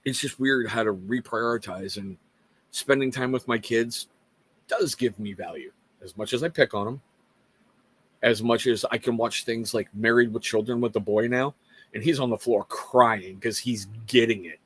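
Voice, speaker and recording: A middle-aged man from Washington State hosts a casual live talk show, addressing viewers earnestly with rambling, self-mocking asides. His husky voice is mid-range and fairly bright, at normal speed.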